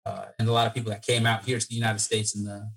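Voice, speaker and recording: Measured man explaining as a guest. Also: fairly low pitch, little pitch movement, gravelly, fairly bright tone. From Eritrea. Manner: measured, explanatory, with many "uh" pauses. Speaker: podcast guest, attorney. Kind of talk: interview answers.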